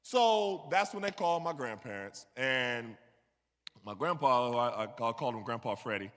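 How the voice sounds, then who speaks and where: Speaking at a normal speed with lively intonation, a New York man with a medium-pitched, fairly bright voice relates a personal story as a conversational sermon. "You know what I mean" comes up often as he checks in. The church sanctuary gives a long hall reverb.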